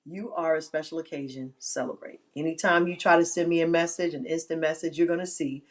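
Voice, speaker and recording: A woman's voice: deep voice, fairly even intonation, a little fast. A woman hosting an inspirational live-stream talk, emphatic and given to repeating phrases for effect.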